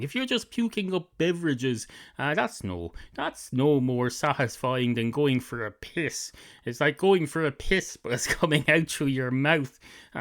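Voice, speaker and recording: A man's voice: a little high, lightly acted. A man voicing a fussy female cat at a bar, in a rambling, sweary, self-correcting improvised comic monologue.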